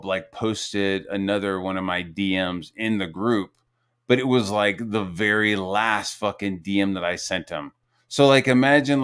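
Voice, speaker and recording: A man's voice: on the low side, clean tone. A man in his forties hosting a podcast, telling a long rambling story full of swearing and "like" fillers, acting out what others said. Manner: profane, rambling, heavy on "like" fillers, acts out quotes. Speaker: podcast host. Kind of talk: casual chat, storytelling.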